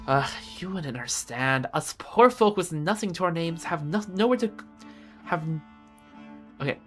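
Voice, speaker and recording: A woman's voice: fairly low pitch, animated, normal speed, faint music behind, voice pushed up, lightly acted. A woman voicing a shrewd male merchant who talks at length to justify himself, reading game dialogue aloud. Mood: scheming. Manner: wordy, self-justifying. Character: shrewd scheming male merchant, smooth talker.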